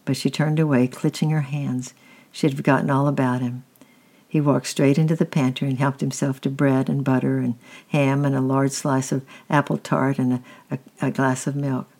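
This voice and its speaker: A reader gently reading a children's chapter book aloud, with small slips and restarts. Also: medium pitch. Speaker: storybook reader.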